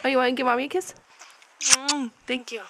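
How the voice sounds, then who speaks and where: A woman's voice: sits high, flat delivery, brisk, noisy background. A mother using coaxing, sing-song baby talk, asking her small child question after question.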